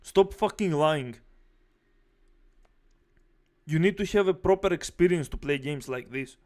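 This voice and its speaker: Brief: male streamer, fairly high voice, foul-mouthed angry reaction commentary. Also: normal speed, a little mellow. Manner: angry, profane ranting.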